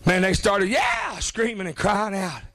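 A man's voice: sits high, very animated, unhurried, fairly bright tone. A man preaching a revival sermon, chanting with a gasped "uh" before each phrase.

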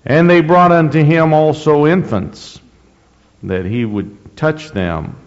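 A man preaching a sermon, reading scripture slowly and deliberately, with rising emphasis and frequent throat clearing. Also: on the high side. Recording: dull lo-fi recording in a reverberant hall.

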